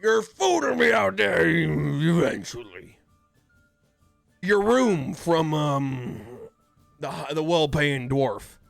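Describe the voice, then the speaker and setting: A man voicing a gruff, crude male orc barkeep who yells at his staff, in a tabletop game. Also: a little high, very animated, takes it slowly, no echo, faint music behind, heavily acted. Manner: yelling, crude, impatient.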